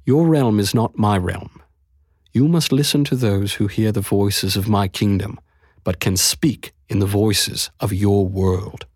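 A serene exiled queen speaks in slow, measured words of quiet wisdom, as a man reads her lines. The voice sits low and a little husky, recorded close and dry like a storybook audiobook. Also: dry recording. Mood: calm regal. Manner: slow, measured, gentle delivery. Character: exiled woman queen, calm, regal and wise.

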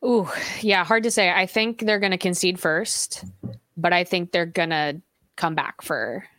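Woman podcast co-host, lower pitch, dry close sound, relaxed and agreeable. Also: a little slow, no room sound. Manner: relaxed, agreeable, short replies. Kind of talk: casual sports podcast chat.

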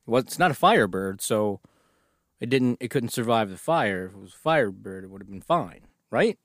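A man's voice: on the low side, animated, normal speed, dry recording, studio quality. A man co-hosting a casual comedic chat, joking and reading a story aloud. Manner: joking, reads story aloud, laughs often. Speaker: podcast co-host.

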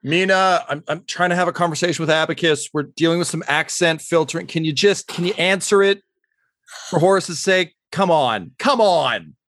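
A woman voicing an exasperated character who yells impatiently across a room during a tabletop game. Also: on the low side, normal speed, no echo, close to an everyday voice. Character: exasperated woman yelling at a roommate. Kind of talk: tabletop game role-play.

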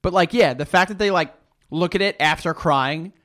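A man's voice: high voice, normal speed. A young man co-hosting a podcast, rambling animatedly with lots of swearing. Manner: animated, rambling, profane storytelling. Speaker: podcast co-host. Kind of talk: casual chat.

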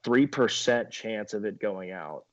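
Laid-back young man, low voice. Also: expressive, measured pace, muffled recording. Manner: laid-back, many fillers, laughs often. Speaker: minor league baseball pitcher, guest. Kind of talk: casual podcast chat.

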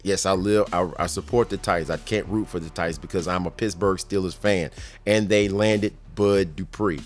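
A man's voice: sits low, steady tone, normal speed, faint music behind. A man giving casual sports commentary, running through news in an offhand way with jokey asides.

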